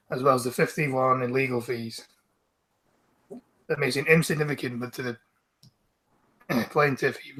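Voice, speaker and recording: A man's voice: medium pitch, sharp tone. A Scottish man hosting a casual group stream, reading news stories aloud and bantering dryly with friends. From Scotland. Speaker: streamer host.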